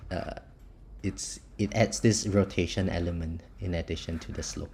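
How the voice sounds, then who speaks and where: A young man from Singapore with a mild Singaporean English accent, chatting loosely with viewers on a live stream, restarting words and laughing softly. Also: low-pitched, steady tone, moderate pace, gravelly, slight background noise. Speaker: live-streamer of a mobile tower-defense game. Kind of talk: casual live-stream chat, answering viewers.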